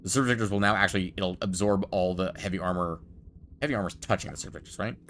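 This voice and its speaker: A man giving relaxed, chatty commentary while playing a building game, joking with his chat as he goes. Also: deep voice, fast talker, a little hiss or hum. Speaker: gameplay streamer.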